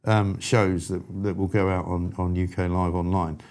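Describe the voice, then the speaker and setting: A man's voice: low-pitched, little pitch movement, normal speed, darkish tone. Blunt man ranting on a talk show. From England. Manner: blunt, irascible, exasperated rants. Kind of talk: opinionated live show chat.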